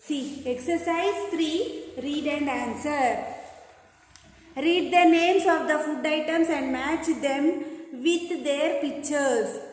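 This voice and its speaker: A woman's voice: high-pitched, slow. A woman teaching a grade-one class, patiently repeating questions and prompting the children to answer. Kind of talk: classroom lesson for young children. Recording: very echoey room with long reverb.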